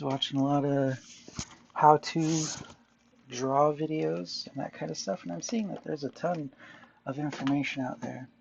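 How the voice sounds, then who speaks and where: A man with a deeply gravelly, creaky voice rambles through a casual drawing vlog, wandering off topic and correcting himself as he goes. The recording is dull and lo-fi, with a faint hiss underneath. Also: darkish tone. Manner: meandering, self-correcting, jokey asides. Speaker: artist vlogger.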